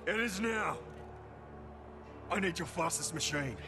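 A man's voice: high voice, expressive, a little slow. An actor voicing a stern male character in a video game, demanding and firm. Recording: game audio under music, quiet.

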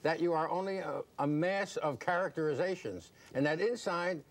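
A man hosting a TV interview, with a voice a touch higher than most. He fires off questions briskly and directly.

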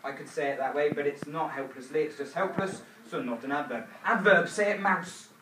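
In a school classroom, a man with a slightly high voice teaches a primary school grammar lesson a little fast, drilling a repeated chant call-and-response style. The recording is noisy and echoey, with him far from the mic.

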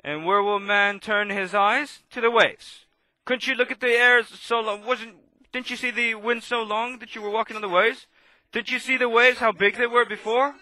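A man preaching a sermon, impassioned and swinging between loud outbursts and hushed asides. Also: extremely high pitch, fairly even intonation, normal speed, hardly any pauses.

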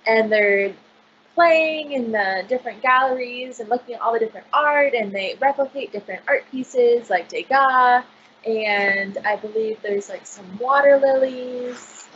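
A woman's voice: fairly high pitch, measured pace, a bit bright, highs cut off, a little hiss or hum. A woman librarian chatting casually on a video call, gushing about picture books with lots of fillers. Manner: bubbly, gushing, filler-heavy.

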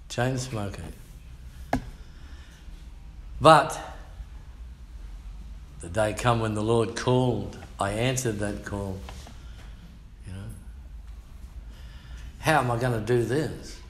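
Older Australian male pastor, slangy testimony preacher, slow delivery, echoey church room. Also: fairly low pitch, slight background noise. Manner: colloquial, slangy, emphatic storyteller. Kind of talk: storytelling sermon testimony.

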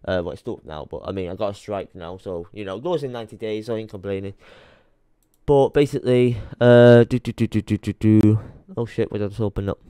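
A man's voice: on the low side, quick pace, mellow, clean tone, no echo, studio quality. Swearing, rambling young man. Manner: swearing, rambling, muttering to himself while searching his computer. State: tired late at night. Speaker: YouTuber. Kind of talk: frustrated rant to camera.

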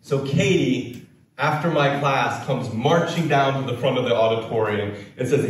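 An American-born man giving a storytelling talk as a keynote speaker, with slow, dramatic delivery and acted quotes. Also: medium pitch, very echoey, recorded from a distance, slight background noise, low-quality recording. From United States.

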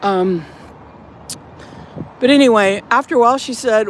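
A woman with a gentle Southern drawl talks in a high, bright register as she walks and films outdoors. She rambles casually and now and then mock-announces like an officious manager. Light street and traffic noise sits faintly in the background. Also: measured pace. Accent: slight Southern US drawl. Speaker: vlogger filming outside a church building. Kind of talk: casual vlog chat. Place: outdoors, walking around grounds.

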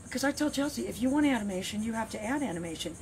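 A woman's voice: on the high side, animated, rapid-fire, darkish tone. Chatty playful woman trainer, outdoors. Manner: chatty, playful sing-song repeats. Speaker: dog trainer. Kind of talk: casual training demo talk. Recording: noisy outdoor recording.

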